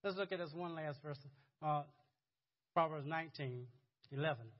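High-voiced pastor preaching, chuckling. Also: male voice, normal speed, muffled recording. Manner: conversational preaching, chuckling, repeats words. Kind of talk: sermon.

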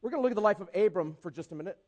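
High-pitched guy preaching in church, chatty and animated, acts out the bible people. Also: rapid-fire. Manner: conversational, animated, acts out scripture characters. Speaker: pastor. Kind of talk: sermon.

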